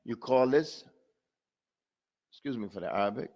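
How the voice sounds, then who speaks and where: A man teaching Quran pronunciation in an online class, slowly demonstrating sounds and repeating syllables for his students. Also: mid-range voice, expressive, darkish tone, highs cut off. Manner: chuckles at his own trick questions.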